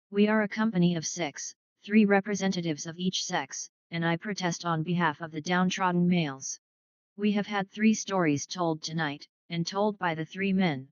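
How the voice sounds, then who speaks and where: A woman voicing a playful, formal older gentleman in a dry, dull recording. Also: on the low side, no echo, lightly acted. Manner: playful, formal, mock-solemn. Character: genteel older English gentleman, twinkling and teasing.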